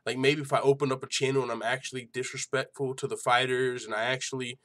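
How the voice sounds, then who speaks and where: A man's voice: medium pitch, little pitch movement, fast talker, fairly bright tone. A man hosting an MMA news channel in casual chat, swearing freely and laughing often. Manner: loose and profane, laughs a lot, lots of fillers.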